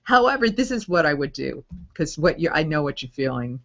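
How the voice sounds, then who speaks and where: A woman's voice: low-pitched, very animated, brisk. A middle-aged woman coaching voice over students, chatting casually and upbeat while answering viewer questions. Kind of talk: live Q&A webinar. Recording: dull lo-fi audio.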